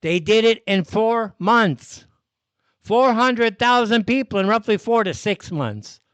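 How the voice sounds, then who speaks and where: A man rants on his live show in a high, restless voice that leaps up and down. He talks bluntly and swears freely, and the sound is dry and close, with no room around it. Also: expressive, slow, a bit bright, clean tone, dry recording. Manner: heated, blunt, swears often. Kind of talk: ranting commentary.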